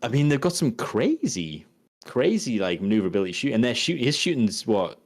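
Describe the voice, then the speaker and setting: A man's voice: mid-range voice, very animated, a little fast. A man co-hosting a casual podcast chat, working through game tactics aloud and restarting his sentences as he goes. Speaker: podcast co-host.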